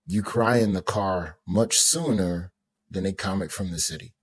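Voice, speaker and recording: A man, a comedian appearing as a guest, talks about his life on the road with blunt, profane candor. His voice sits low and sounds somewhat husky. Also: normal speed. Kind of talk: casual chat.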